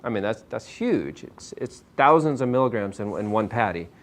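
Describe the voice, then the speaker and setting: A man's voice: lowish voice, normal speed. Hyper guy giving a health talk to a room, keeps asking the crowd stuff. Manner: energetic, asks the audience questions, self-described hyper. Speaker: chiropractor giving a nutrition talk. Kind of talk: casual health lecture to a live audience. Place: small meeting room with an audience.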